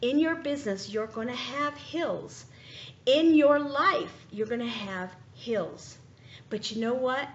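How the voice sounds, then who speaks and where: A woman's voice: fairly high pitch, expressive, takes it slowly. A woman telling a motivational story about her own life. She acts out the lines of everyone in the story and drops to a near whisper at the tense moments. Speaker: transition strategist. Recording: echoey room, dull lo-fi audio with faint noise.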